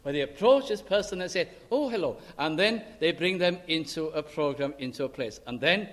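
Earnest preacher in a reverberant hall. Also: male voice, fairly high pitch, a bit bright. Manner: earnest, emphatic, with dramatic pauses. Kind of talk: sermon.

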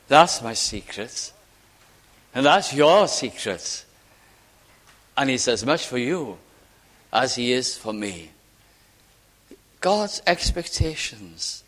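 A man preaching a sermon, slow and emphatic, letting key words fall away to a hush. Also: mid-range voice, in a large hall. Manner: slow, emphatic, with dramatic drops to near silence.

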